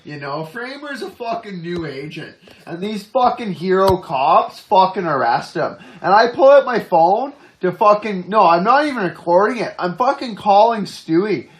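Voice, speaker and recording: A man's voice: high-pitched, animated, moderate pace, hardly any pauses. A man telling a story in casual talk, swearing constantly and laughing as he goes.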